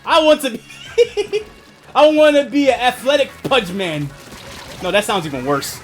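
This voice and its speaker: Animated high-voiced man streaming a game. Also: moderate pace, faint music behind. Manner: profane, rambling, laughs often. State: asthmatic. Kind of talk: casual gaming stream chat.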